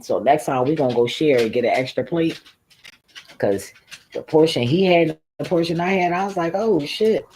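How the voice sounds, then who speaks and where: A man's voice: a little high, normal speed, a little mellow, slight background noise, low-quality recording. A man hosting a livestream, telling a story casually in a blunt, profane, laughing way. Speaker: livestream host. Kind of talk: casual storytelling to a live audience.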